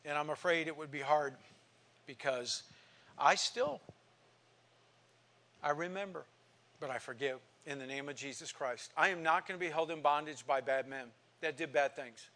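A man in his sixties teaching a Bible class in sermon style, reading scripture with passion and swinging from soft to loud. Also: on the high side, normal speed, pauses often. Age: 60s.

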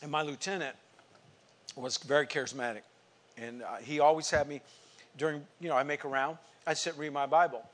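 A man preaching a sermon to his congregation, telling a personal story and swinging from quiet asides to emphatic outbursts. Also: on the high side, fairly even intonation, a little fast. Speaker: pastor.

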